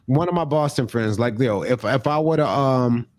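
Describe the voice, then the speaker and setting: A young man co-hosts a comedy podcast in a loose, swearing, joking way, now and then launching into mock rants. His voice sits at an ordinary middle pitch. The studio mic sounds close and dry. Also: moderate pace, dry recording. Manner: profane, joking, slips into loud mock rants. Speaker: podcast co-host. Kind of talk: casual comedic chat.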